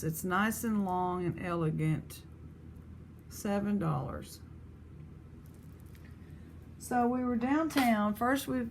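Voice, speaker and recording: Pricing jewelry as she goes, this woman vlogger rambles casually from one story to the next. Her pitch is medium, and a faint hiss or hum sits underneath.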